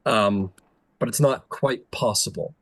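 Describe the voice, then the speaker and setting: A man's voice: on the low side, unhurried, fairly bright tone, slightly rough, dry recording, low-quality recording. A man narrating as game master in a loose, filler-heavy style.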